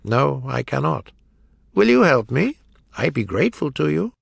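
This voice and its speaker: A man voicing a friendly, timid male scarecrow made of straw, speaking gently and with a stammer. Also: mid-range voice, big pitch swings, moderate pace, creaky, husky, no room sound, studio quality, exaggerated voice. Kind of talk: storybook character voice.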